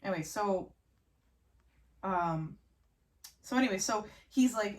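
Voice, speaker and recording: A woman chatting in a slow, unhurried way while she works at her sewing, and she drifts off into stories, stacking up fillers and small laughs as she goes. Her pitch sits in an ordinary middle range. Faint noise hangs behind her voice. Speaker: sewing vlogger. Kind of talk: casual chat while sewing.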